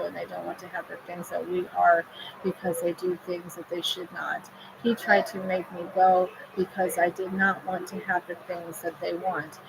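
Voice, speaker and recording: Low, flat-voiced woman medium. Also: creaky. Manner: repetitive, chant-like phrasing. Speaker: spirit medium relaying messages. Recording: steady background noise.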